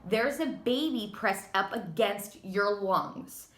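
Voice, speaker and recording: A woman's voice: mid-range voice, slow pace, fairly bright tone. Breathless pregnant woman ranting, echoey room. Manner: exasperated, dramatic, sarcastic. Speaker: vlogger. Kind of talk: candid casual vlog rant.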